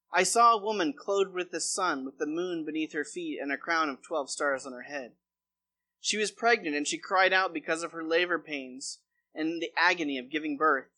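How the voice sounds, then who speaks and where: A man's voice: fairly high pitch, normal speed, bright, forceful tone. A man preaching a sermon as pastor, reading a long scripture passage aloud before explaining it.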